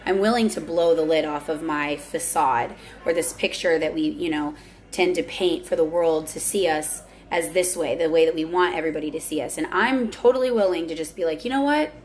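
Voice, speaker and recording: A young woman speaks candidly on her vlog in a low, brisk voice. She is earnest and confessional, frequently restarting her sentences.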